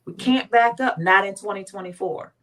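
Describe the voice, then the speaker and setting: A woman from Washington, D.C. talks with emphatic, animated energy, slipping into little acted quotes as she makes her point. Her voice sits at an ordinary middle pitch for a woman. She speaks as a guest in a motivational, faith-based conversation. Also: normal speed.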